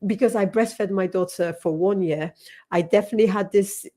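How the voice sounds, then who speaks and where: A woman's voice: medium pitch, normal speed, mellow. A woman in her thirties, a health professional, talking candidly in a live panel discussion and laughing often.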